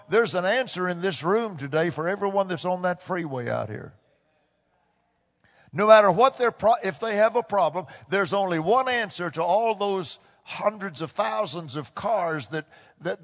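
A man preaching a sermon as a pastor, building from slow, quiet stretches to loud, shouted peaks. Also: high voice. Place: church sanctuary. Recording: long reverb of a large hall.

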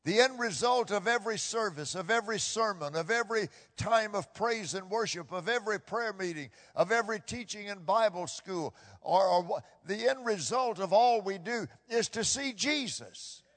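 A man preaching a sermon with impassioned delivery, swinging from hushed tones to loud bursts and repeating phrases for emphasis. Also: sits high, normal speed, hardly any pauses. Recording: long hall reverb.

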